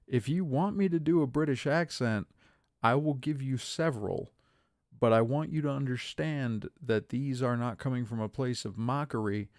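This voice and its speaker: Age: 30s. Sex: man. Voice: gravelly, dry. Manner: rambling streamer chatter. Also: mid-range voice, moderate pace, a little mellow, dry recording. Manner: rambling, chatty asides to viewers. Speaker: game streamer. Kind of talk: live gameplay commentary.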